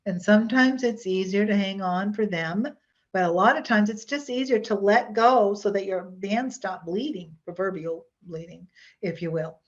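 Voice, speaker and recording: A woman's voice: medium pitch, normal speed. A woman presenting a hypnosis workshop in a chatty, rambling way, with many fillers and restarts. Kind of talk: casual workshop teaching. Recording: dull lo-fi online workshop audio.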